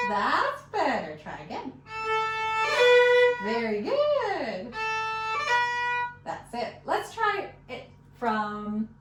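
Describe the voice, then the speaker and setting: A woman teaching fiddle in a patient, encouraging way, counting the beats aloud. Her voice is fairly high and lively. It sounds roomy and a little away from the mic, with fiddle music behind her. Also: distant mic. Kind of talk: one-on-one music lesson.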